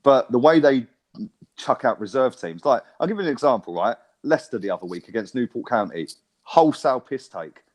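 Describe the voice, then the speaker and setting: Sweary, emphatic football fan. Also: male voice, medium pitch, lively intonation, fairly quick. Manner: sweary, emphatic, keeps asking "right?". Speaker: podcast co-host. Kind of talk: casual football chat.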